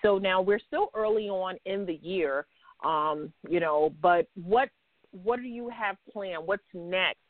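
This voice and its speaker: A woman with a New York accent hosting a casual interview, playful and teasing, telling stories with lively asides. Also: fairly low pitch, takes it slowly, dry recording. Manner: playful, teasing, animated storyteller. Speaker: podcast host. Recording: dry, phone-like line.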